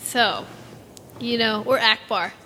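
A teenage girl chatting casually as a podcast co-host, rambling and giggly, telling animated stories. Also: on the high side, takes it slowly, slight background noise. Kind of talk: casual fan chat.

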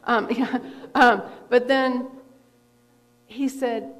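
A middle-aged woman, a therapist and guest speaker, telling a personal story in a conversational, animated way with frequent fillers. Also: a little high, slow, long pauses. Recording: long reverb from a hall.

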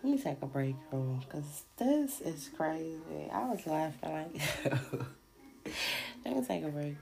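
Give me a woman hosting a casual podcast, slow-paced with a gravelly edge, laughing a lot and talking to her listeners. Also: low voice, big pitch swings, rough recording. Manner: laughs often, talks to listeners as y'all. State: sore throat. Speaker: podcast host. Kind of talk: casual solo podcast commentary.

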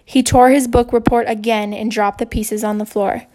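A woman calmly reading a children's novel aloud. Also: on the high side, moderate pace. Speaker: audiobook reader.

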